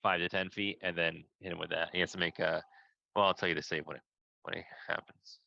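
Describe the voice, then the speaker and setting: Brief: very low man with a sharp edge, halting, on a dull dry mic. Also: little pitch movement, gravelly, no room sound. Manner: hesitant, full of uhs. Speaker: player. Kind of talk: casual tabletop play.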